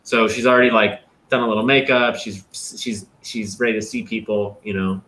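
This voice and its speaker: A young man hosting a livestream, chatting casually and explaining his ideas with lively vocal demonstrations. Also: lowish voice, moderate pace. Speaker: host.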